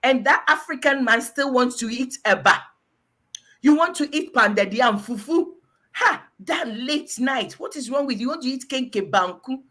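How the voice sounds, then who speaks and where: Animated woman giving advice. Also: high-pitched, moderate pace. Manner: animated and scolding, repeats words for emphasis. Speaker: health advice vlogger. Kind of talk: casual advice monologue.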